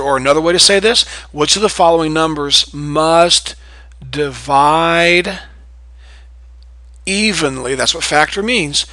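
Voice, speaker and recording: A man walks students through test math in a bright, forceful voice pitched a little high. He keeps asking questions and answering them himself. The sound is dry and close. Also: no room sound. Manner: talks straight to students, asks and answers his own questions. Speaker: math teacher. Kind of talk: test-prep lesson.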